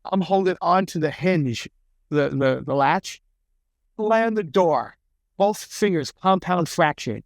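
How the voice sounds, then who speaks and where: A middle-aged man tells his stories with lively energy, slipping into other people's voices and swearing without a second thought. His voice sits a little high for a man. The sound is dry and close. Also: takes it slowly, dry recording. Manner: animated, acts out other people's lines, swears freely. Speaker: chef and podcast guest. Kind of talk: casual storytelling interview.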